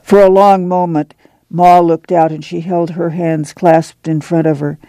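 A man narrates an audiobook in a measured, even storytelling manner. His voice is on the high side, and there's no room sound.

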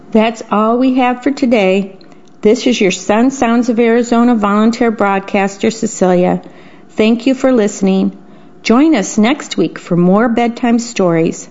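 A woman volunteer reader reading children's bedtime stories aloud on the radio, gently describing each picture. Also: a little high, unhurried. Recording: dull lo-fi radio audio.

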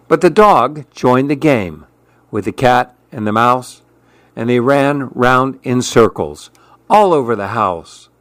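A man narrating a rhyming storybook in a measured, rhythmic, expressive way. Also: mid-range voice, dry recording.

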